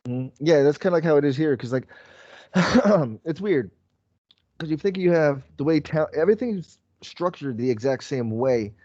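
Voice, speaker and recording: A man with a mellow, relaxed voice chats on a podcast, wandering through his thoughts and packing his sentences with fillers. The sound is dry and dull, close to a home mic. He keeps a middle pitch throughout. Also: normal speed, dry recording. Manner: rambling, many fillers like "like" and "um". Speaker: podcast co-host. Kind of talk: casual chat.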